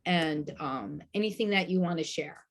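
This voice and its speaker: A woman's voice: sits low, normal speed. A woman hosting a video call panel, enthusiastic and full of praise for her guests. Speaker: host.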